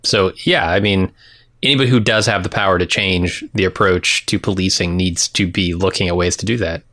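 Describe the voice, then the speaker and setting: A man co-hosting a podcast, speaking in a measured, agreeable way and hedging his points. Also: low voice, steady tone, fairly bright tone. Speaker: podcast co-host. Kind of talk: casual podcast chat.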